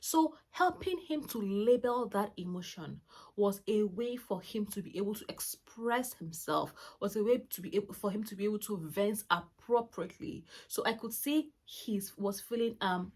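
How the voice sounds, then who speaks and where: A woman's voice: medium pitch, normal speed. A woman around forty hosting her own channel, sharing parenting advice in a chatty, rambling way full of fillers and restarts. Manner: warm-hearted, chatty, lots of fillers and restarts. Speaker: channel host, mother. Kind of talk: casual parenting talk to camera.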